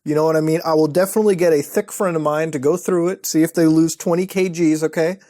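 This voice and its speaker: A man's voice: fairly high pitch, fairly even intonation, fast, mellow, no echo, studio quality. A man hosting an online show, giving sarcastic, profane commentary as he browses and mocks websites. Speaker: host.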